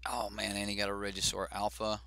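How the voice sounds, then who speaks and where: A man's voice: fairly low pitch, monotone, fairly quick, gravelly, pushed and bright, no echo. A man hosting a card game stream, chatting casually and thinking aloud with fillers as he plays. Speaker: host.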